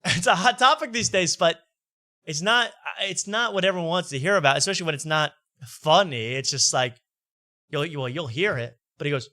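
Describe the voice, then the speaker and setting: Male host, bright tone, dry close mic, mocking casual commentary. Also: on the high side, a little fast, no room sound. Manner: wry, mocking, laughs as he talks. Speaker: host reacting to podcast clips.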